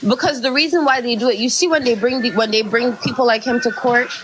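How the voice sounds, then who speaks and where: A woman's voice: a little high, fairly even intonation, quick pace, slight background noise, rough recording. A woman speaking emphatically and earnestly in a discussion. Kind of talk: emotional discussion.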